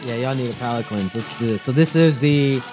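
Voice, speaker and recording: A man's voice: medium pitch, fairly quick, music in the background. A man co-hosting a casual podcast, rambling and hesitant as he talks. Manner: rambling, hesitant, lots of fillers. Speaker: podcast co-host. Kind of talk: casual chat.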